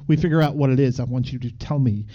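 A man's voice: medium pitch, mellow. Playful male podcast co-host. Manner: playful, quick teasing asides. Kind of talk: casual comedic chat. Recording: dull lo-fi podcast audio.

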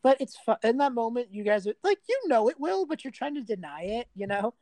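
A woman's voice: a little high, big pitch swings, brisk, dark tone, dry recording. A young adult woman narrating a tabletop game as game master in a casual, rambling way with many fillers.

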